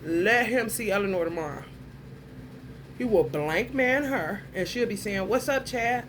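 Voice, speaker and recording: A woman's voice: medium pitch, lively intonation, a little slow, a little hiss or hum. A woman giving a casual monologue to her viewers, telling a story bluntly and heatedly, with plenty of profanity. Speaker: vlogger.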